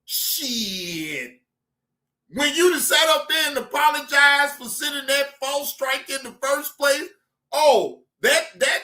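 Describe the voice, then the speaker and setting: A man hosting a reaction channel, excitable and profane, laughing often as he comments. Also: very high voice, takes it slowly, echoey room.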